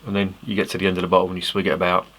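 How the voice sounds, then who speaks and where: Deep-voiced English man, chatty beer vlogger. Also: completely flat delivery, rapid-fire, fairly bright tone. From England. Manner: chatty, swears freely, self-mocking asides. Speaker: beer reviewer. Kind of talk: casual rambling tasting review.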